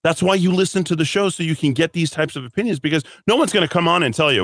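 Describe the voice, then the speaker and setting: A man's voice: a little high, fast, hardly any pauses, fairly bright tone, dry recording. A man hosts a political call-in style radio show, talking at length in an emphatic, rambling way. He restarts sentences often and slips into sarcastic asides, recorded on a dry, close studio microphone. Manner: rambling, emphatic, addresses listeners as folks. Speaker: radio talk show host. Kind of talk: opinionated political talk radio.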